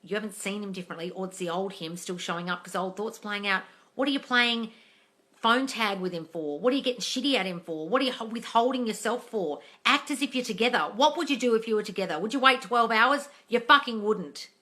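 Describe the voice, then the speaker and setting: A woman's voice: medium pitch, brisk, bright, forceful tone. A woman coach reading viewer questions aloud on a casual live stream, blunt and full of swearing, calling everyone darling.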